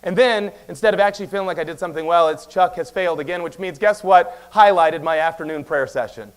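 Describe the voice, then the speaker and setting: A man preaching a sermon as pastor, talking very fast and telling stories with quick asides. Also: a little high, clear, resonant tone. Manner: animated storytelling with quick asides; talks very fast. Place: church sanctuary.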